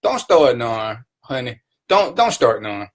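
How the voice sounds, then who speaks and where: A man's voice: mid-range voice, big pitch swings, slow. A man hosting his own live stream, greeting viewers by name and teasing them in casual, playful banter. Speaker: livestream talk show host.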